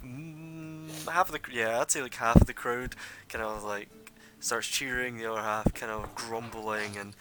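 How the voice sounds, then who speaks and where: A young man narrating a tabletop game as game master, rambling with many fillers. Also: on the low side.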